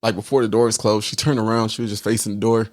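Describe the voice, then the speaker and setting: A man's voice: lowish voice, little pitch movement, quick pace, darkish tone, no echo. A young man co-hosting a podcast, telling rambling, repetitive anecdotes in casual chat. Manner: rambling anecdotes, repeats words, laughs while telling. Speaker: podcast co-host.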